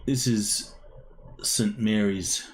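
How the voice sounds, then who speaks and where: A man narrating a tabletop role-playing game as game master, halting with many pauses and fillers. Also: on the low side, fairly even intonation, poor audio.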